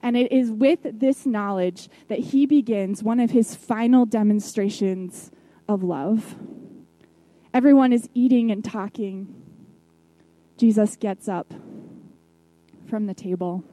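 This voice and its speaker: A woman preacher retelling a Bible story in a sermon, reflective, with soft hushed drops at key moments. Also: medium pitch, no room sound, low-quality recording.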